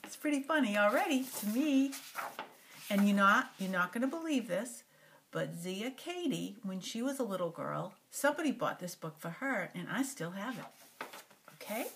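An older woman reading a picture book aloud to a child, animated and stopping often to talk to the little one. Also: medium pitch, normal speed, a little hiss or hum.

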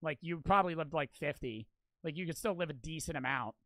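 Male streamer, slightly high and bright voice, casual rambling slang, dry close-miked sound. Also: brisk, dry recording. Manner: animated, slangy, rambling with many "like"s. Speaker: streamer reacting to videos. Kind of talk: casual live-stream chat.

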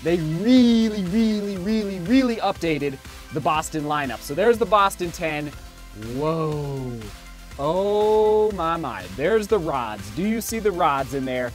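A man's voice: fairly high pitch, animated, slow, soft background music. A man running a vlog, opening shoe boxes in a hot studio, gasping and exclaiming, a little out of breath. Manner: exclaims and gasps a lot. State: slightly out of breath. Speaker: running vlogger. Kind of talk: excited unboxing vlog.

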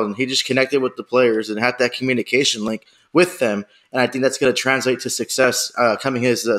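A man's voice: medium pitch, fairly bright tone. Man co-hosting, rambling as he thinks. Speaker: podcast co-host. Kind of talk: casual sports podcast chat.

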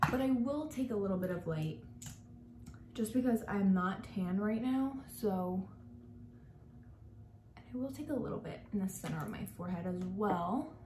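A young makeup artist gushes her way through a casual tutorial for her beauty vlog, peppering her speech with "like." Her mid-range voice is expressive, at a moderate pace with frequent pauses, in an echoey room with background noise.

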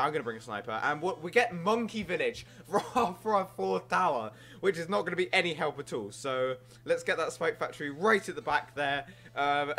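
An excitable young man giving casual gameplay commentary, jumping into yelps when things go wrong. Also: on the high side. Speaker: gaming YouTuber.

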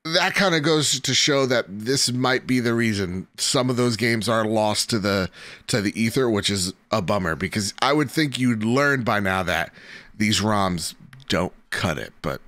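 A man's voice: lowish voice, animated, a little slow, fairly bright tone, dry recording. Rambling male podcast co-host. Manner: rambling, lots of "like" fillers. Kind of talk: casual chat.

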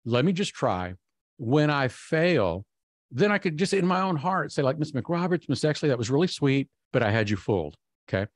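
A man giving a keynote speech, telling a personal story in an animated way and acting out his own inner voice. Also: a little high, moderate pace, dry recording, clean studio sound. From Texas. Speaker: keynote speaker.

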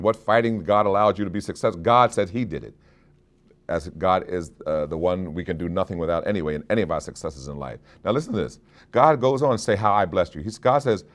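A man preaching a sermon, reading scripture and explaining it to his congregation, rising in pitch and force when quoting and dropping low for asides. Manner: conversational preaching with restarts and direct appeals. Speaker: pastor.

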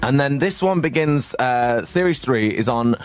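A man's voice: mid-range voice, animated, moderate pace, clear, resonant tone. A man hosting a breakfast radio show, chatty and playful, filling his sentences with "like". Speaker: radio host.

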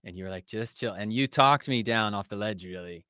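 A man's voice: fairly low pitch, brisk, pushed and bright, clean tone, no echo, clean studio sound. A man from the United States hosting a casual podcast interview, talking in a friendly, reminiscing way. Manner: friendly, reminiscing, laughs along. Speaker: podcast host.

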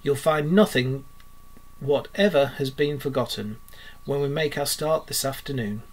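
A man voicing a boastful, excitable male toad gentleman in a grand, pompous manner, read aloud from a storybook. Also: medium pitch, unhurried, natural voice.

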